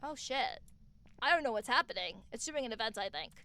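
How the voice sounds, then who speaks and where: A woman streaming live from home on a desk mic, chatting casually, excitable and swearing freely as she gushes thanks at her viewers. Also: a little high, fairly quick, a little hiss or hum.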